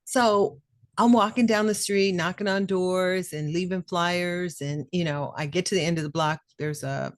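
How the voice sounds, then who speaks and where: Speaking at a moderate pace, a middle-aged podcast co-host with a fairly low voice shares something from her own life. Her delivery is casual and heartfelt, and she performs the voices of those she quotes. Her voice comes across close and dry, without any echo.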